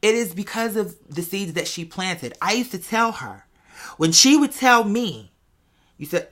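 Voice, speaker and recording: Young guy hosting his podcast, bright voice, expressive and casual, calls listeners y'all and girl. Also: high-pitched, measured pace. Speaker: podcast host. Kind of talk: casual personal storytelling to listeners.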